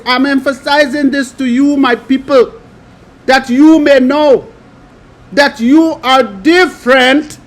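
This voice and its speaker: A man preaching, reading scripture aloud and adding emphatic commentary in a slow, drawn-out delivery. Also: very high voice.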